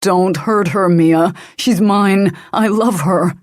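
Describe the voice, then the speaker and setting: A woman's voice: mid-range voice, takes it slowly, no room sound, pitched above the performer's own voice, lightly acted. A woman narrator voicing a desperate, wounded male agent who pleads urgently. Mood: pleading.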